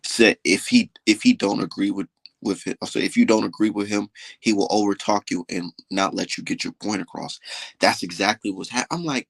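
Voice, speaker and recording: A young adult man hosts a livestream, ranting boastfully and dismissively with heavy swearing. His fairly low voice is expressive at a normal speed, with vocal fry and a breathy edge, in a dry recording.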